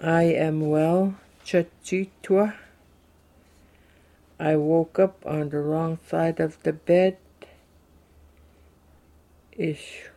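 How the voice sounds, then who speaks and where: A man slowly reading short everyday phrases in English, then saying each one in his native language for a language lesson. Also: fairly high pitch, steady tone, gravelly, warm tone.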